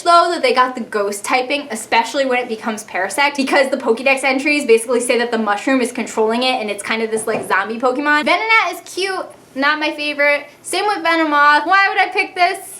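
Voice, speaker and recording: Bubbly high-voiced young woman gushing. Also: sharp tone. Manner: bubbly, gushing, quick asides with lots of "like"; acts out childhood reactions in quoted mini-voices. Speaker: YouTuber. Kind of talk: casual chatty vlog monologue.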